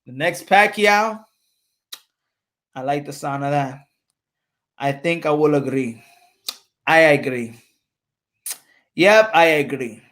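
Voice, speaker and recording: A man hosting a boxing channel, talking casually and excitedly on a livestream, trash-talking and laughing. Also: on the high side, takes it slowly, pauses often.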